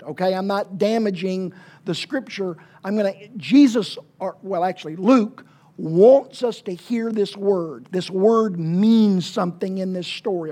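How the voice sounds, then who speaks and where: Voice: mid-range voice, warm tone. A pastor of a small church giving an informal sermon, conversational and emphatic, with many fillers and asides.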